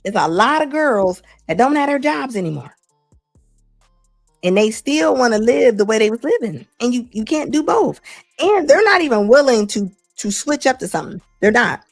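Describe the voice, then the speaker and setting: A middle-aged woman hosting a talk show, giving blunt, animated opinion commentary and laughing often. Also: fairly high pitch, normal speed, dry recording, soft background music. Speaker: host.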